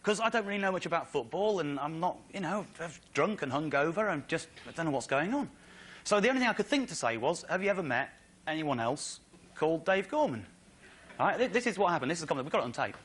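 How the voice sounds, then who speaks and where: An English man telling a story on stage as a stand-up comedian, excitable, with incredulous outbursts. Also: fast, husky. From England. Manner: excitable, builds to incredulous high-pitched outbursts. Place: stage in front of a live audience.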